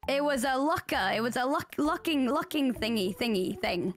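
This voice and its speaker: A woman's voice: high-pitched, expressive, normal speed. A woman chatting while playing a game, playful and giggly, hedging with lots of fillers. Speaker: fellow streamer. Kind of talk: casual gaming chat.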